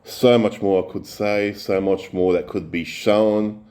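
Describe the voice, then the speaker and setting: An Australian man reacting to clips in a profane, mocking rant, his pitch jumping up when he gets heated. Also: fairly even intonation, unhurried, warm tone. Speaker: reaction video commentator.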